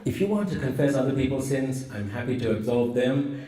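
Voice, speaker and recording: A priest giving a humorous sermon, teasing with rhetorical questions. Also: male voice, mid-range voice, lively intonation, fairly quick, distant mic, background noise. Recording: roomy echo, voice from afar.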